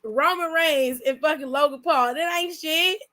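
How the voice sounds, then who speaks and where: A woman hosting her own channel, chatting loudly and bluntly with her chat and swearing freely. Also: sits high, a little slow. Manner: loud, blunt, profane, reads chat aloud. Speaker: channel host. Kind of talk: casual livestream chat.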